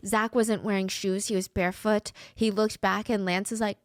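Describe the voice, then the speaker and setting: A woman's voice: mid-range voice, little pitch movement, normal speed, no echo, clean studio sound. A woman telling a true crime story in a dramatic way, putting on voices for the people she quotes.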